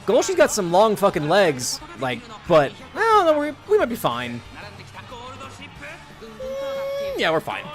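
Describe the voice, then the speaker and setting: A man's voice: high-pitched, huge pitch swings, a little slow, long pauses, faint music behind. A man streaming a game, chatting casually and animatedly, laughing often and swearing now and then. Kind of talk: casual gameplay commentary.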